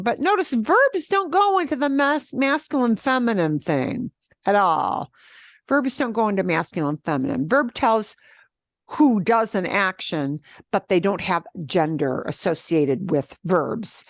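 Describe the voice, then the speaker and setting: A woman teaching a beginner Spanish class, explaining step by step in an animated way and laughing often. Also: on the low side, dry recording, studio quality. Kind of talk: beginner language lesson.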